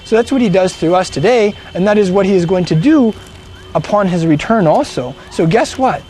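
A man's voice: high voice, lively intonation, brisk, dark tone. A man preaching a sermon, emphatic and fond of rhetorical questions.

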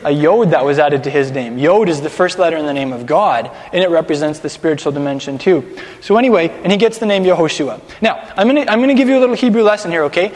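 Man, high voice, conversational sermon, teaching a congregation, repeats himself, long hall echo. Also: expressive, fast. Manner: chatty, repeats words, has listeners repeat after him.

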